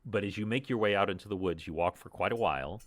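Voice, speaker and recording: Deep-voiced man narrating as game master. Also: fast talker, no room sound. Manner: relaxed, rambling narration with many fillers. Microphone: podcast microphone.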